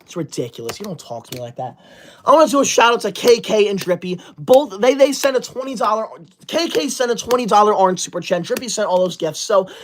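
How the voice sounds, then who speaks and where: A woman's voice: medium pitch, expressive, quick pace, background noise. A woman, livestreaming from home on a laptop and reading viewer comments aloud in an indignant, scolding way. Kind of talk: casual live stream chat. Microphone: laptop setup.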